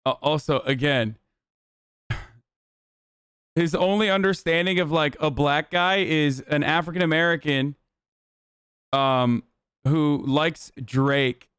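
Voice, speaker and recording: A man hosting a stream, reacting in casual commentary, animated and profane, often laughing. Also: a little high, unhurried, pauses often, clear, resonant tone, no room sound, studio quality. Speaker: streamer host.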